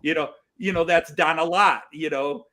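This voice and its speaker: A man hosting a casual group chat, talking in a rambling, animated way with many restarts. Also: fairly high pitch, normal speed. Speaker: host.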